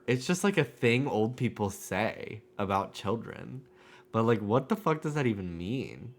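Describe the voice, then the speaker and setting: A man's voice: lowish voice, very animated, a little slow, faint music behind. A man streaming a video game, joking and swearing in casual, rambling commentary.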